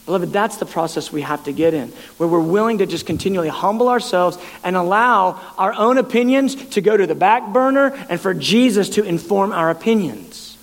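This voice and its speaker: A man's voice: sits high, in a large hall. A man preaching a sermon in an impassioned way, often stammering and repeating words as he builds his points.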